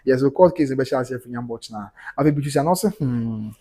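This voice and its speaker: A Ghanaian man with a husky, breathy voice hosts a casual livestream. He reads viewer comments aloud one after another and reacts to each, switching between Twi and English. His pitch sits in an ordinary middle range. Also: brisk, warm tone. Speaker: livestream host reading comments.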